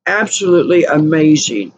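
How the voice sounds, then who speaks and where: A woman's voice: low-pitched, lively intonation, moderate pace, darkish tone. A woman telling stories in a rambling, casual monologue, repeating and correcting herself. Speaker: channel host. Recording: dull lo-fi recording with faint noise.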